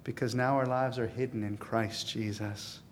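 Male pastor, sermon, earnest, emphatic swells, long hall reverb, faint rumble. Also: fairly even intonation, moderate pace. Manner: earnest, building to emphatic peaks then dropping soft.

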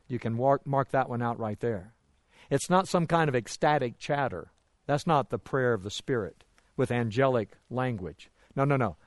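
A man's voice: no room sound, studio quality. A man preaching a sermon to a congregation, swinging his voice up and down for emphasis and asking them rhetorical questions. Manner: emphatic rises and drops in pitch and volume.

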